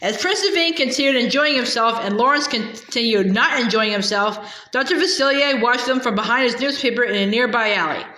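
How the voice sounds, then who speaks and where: A woman reads a children's novel aloud, narrating steadily with the odd stumble and restart. Her voice sits a little high. The room around her adds a clear echo. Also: expressive, a little fast, few pauses, pushed and bright. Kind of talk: storybook read-aloud. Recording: echoey room.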